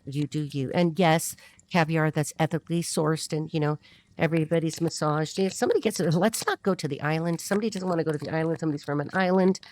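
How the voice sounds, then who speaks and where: A woman's voice: low-pitched, darkish tone. A woman giving a rambling, blunt, casual tarot reading to her viewers. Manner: rambling, chatty, blunt and irreverent. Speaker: tarot reader.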